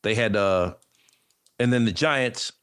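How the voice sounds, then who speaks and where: A man's voice: on the low side, takes it slowly, a bit bright, clean tone. A man co-hosting a sports talk show, debating football casually and thinking aloud with frequent restarts.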